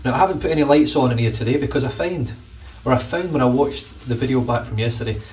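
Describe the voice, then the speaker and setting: This shaving vlogger is a middle-aged Scottish man with a Glaswegian accent and a mid-range, slightly mellow voice at a quick pace. Chatting casually and swearing freely, he reviews shaving gear in his bathroom, recorded from a distance on a phone camera.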